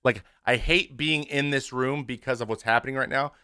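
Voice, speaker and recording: A man in his thirties talks openly to his stream audience in a plain, mid-pitched voice. He swears freely and restarts his sentences often. The sound is dry and close, with no room around it. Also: steady tone, moderate pace, bright, forceful tone, smooth, no room sound. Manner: frank and conversational, with restarts and swearing. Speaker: show host, former pitcher. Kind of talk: candid casual talk to a stream audience.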